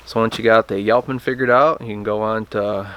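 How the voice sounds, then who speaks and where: Low-voiced man explaining a technique. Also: steady tone, a little fast, a bit bright, clean tone, dry recording. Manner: plainspoken, hesitant, restarts while explaining. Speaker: turkey call instructor. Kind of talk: casual how-to demonstration.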